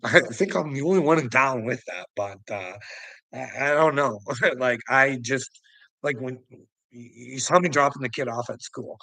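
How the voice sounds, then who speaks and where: A man's voice: mid-range voice, gravelly, a bit bright, dry recording, rough recording. A man telling a heated personal story, swearing and laughing often, with stumbling restarts. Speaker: vlogger.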